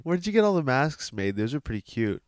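A man's voice: mid-range voice, very animated, brisk, natural voice. A man improvising a stubborn, incredulous warrior king in a comedy bit. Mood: indignant. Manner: indignant, mocking.

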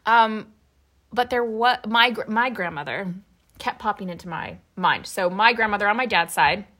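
A woman co-host tells stories in a casual, animated way and laughs often. Her voice is bright and clear, and her pitch swings widely as she gets into a tale. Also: moderate pace. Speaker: podcast co-host. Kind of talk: casual chat, reading listener stories aloud.

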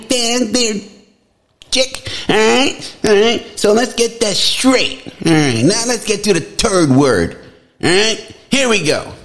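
A man giving mocking comedic commentary, heckling loudly with excited exclamations. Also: high-pitched. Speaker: comedy video host.

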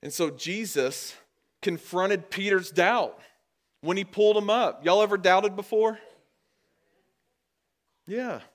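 A man preaching a sermon to his congregation in a conversational way, calling them guys and getting louder and higher when he drives a point home. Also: slow, long pauses. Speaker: pastor. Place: church.

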